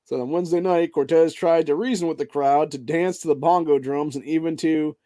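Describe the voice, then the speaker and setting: A man's voice: fairly high pitch, brisk. A male podcast host who reads news articles aloud and breaks into angry, profanity-filled rants, ending his sentences with "dude.". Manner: heavy profanity, keeps tacking "dude" onto sentences; angry, heated tirades between flat read-outs. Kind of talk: reading news articles aloud and ranting over them.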